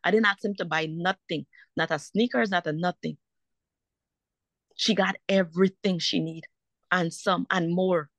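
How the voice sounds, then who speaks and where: A woman's voice: on the low side, steady tone, normal speed, no echo. A woman, a mother caught in a custody dispute, telling her story in a heated, indignant way and repeating herself for emphasis. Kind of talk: emotional personal account.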